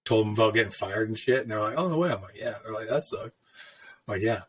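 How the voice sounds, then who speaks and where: This is a middle-aged tattoo artist's voice: lowish, fairly even in intonation, quick, a bit bright, with a breathy edge. He's casually telling stories from the shop, laid-back and swearing freely, and he acts out what people said to him.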